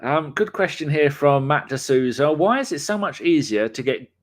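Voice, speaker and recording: A man's voice: on the high side, animated, moderate pace. A man hosting a podcast, chatting casually and teasing his co-host with jokes. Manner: teasing, joking. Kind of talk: casual chat.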